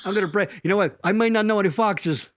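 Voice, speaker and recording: A man's voice: high voice, fast talker, a little hiss or hum. A middle-aged man co-hosting a live stream, joking and rambling with crude banter.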